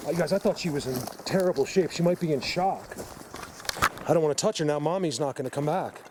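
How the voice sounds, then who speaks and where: A man's voice: on the high side, brisk. A man vlogging from the woods on a handheld camera, emotional, speaking soothingly and fretting to his viewers. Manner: emotional, soothing and fretful, addresses viewers directly. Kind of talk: on-the-spot nature vlog. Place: outdoors in the woods. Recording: outdoor noise behind the voice.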